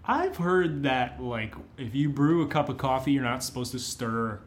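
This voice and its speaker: A man's voice: medium pitch, lively intonation, normal speed. A man co-hosting a podcast, chatting casually with easygoing reactions. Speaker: podcast co-host. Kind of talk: casual chat.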